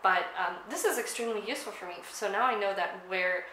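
Bright-voiced chatty South African woman. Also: mid-range voice, fast talker, roomy sound, slight background noise, rough recording. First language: Afrikaans. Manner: chatty, with frequent ums and likes. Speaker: language vlogger. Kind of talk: casual explanatory talk to camera.

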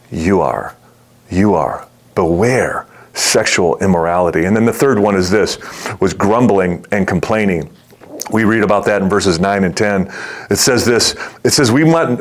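Middle-aged male pastor, fairly low voice, chatty preaching style with frequent restarts. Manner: conversational, repeats words when starting sentences; acts out quoted voices in the story. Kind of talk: sermon.

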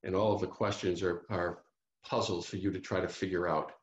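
A man's voice: low-pitched, level tone, a little fast, reverberant, highs cut off. A man giving an author talk, telling a true crime story with many fillers and restarts over a video call. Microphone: computer mic on a video call.

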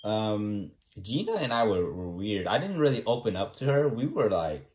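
A man's voice: fairly low pitch, very animated, normal speed, darkish tone. A young man from California talking casually to the camera, rambling and self-assured and often tagging his points with a question. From California, USA. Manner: rambling and self-assured, keeps asking "right?". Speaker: vlogger.

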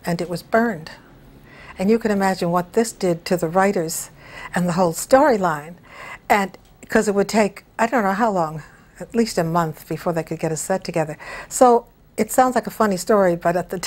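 An older woman, a television director, reminiscing in an interview with unhurried, anecdotal storytelling and frequent chuckles. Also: mid-range voice.

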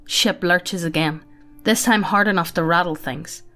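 A woman's voice: on the low side, normal speed, bright, forceful tone. A woman narrating a sci-fi story aloud in a matter-of-fact, casual way, often breaking into laughter.

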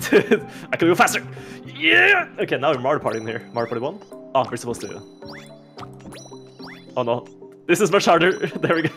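A man streams a video game with a friend, chatting casually in a slightly high voice that moves fast yet has long pauses. He is excitable, laughs a lot and restarts his sentences often, while soft music plays behind him.

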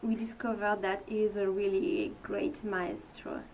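A woman's voice: mid-range voice, flat delivery, unhurried, darkish tone, far from the mic, slight background noise, rough recording. A young woman from France with a French accent, a mission team leader giving an earnest, hesitant testimony with many fillers. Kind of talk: testimony to supporters.

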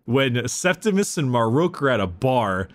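Young man, relaxed stammering chat. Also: mid-range voice, moderate pace. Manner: relaxed, stammery restarts, recounts scenes with quoted lines. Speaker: podcast co-host. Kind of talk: casual book discussion.

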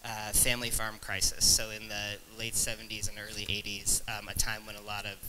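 Reflective bright-voiced man in his forties. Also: on the low side, completely flat delivery, a little hiss or hum, low-quality recording. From Nebraska. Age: 40s. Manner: reflective, halting, many fillers and restarts. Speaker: panelist. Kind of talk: conference panel talk.

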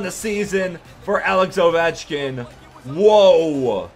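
A young man giving excited, hyped commentary over his own hockey video game, yelling at big plays and joking with crude words. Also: on the high side, normal speed. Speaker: gaming YouTuber. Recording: faint music behind.

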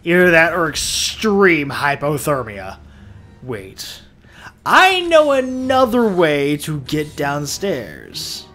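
A man's voice: on the high side, wildly swooping pitch, slow pace, sharp tone, faint music behind. A man doing casual let's play commentary, tired and yawning, rambling and talking to himself with frequent restarts.

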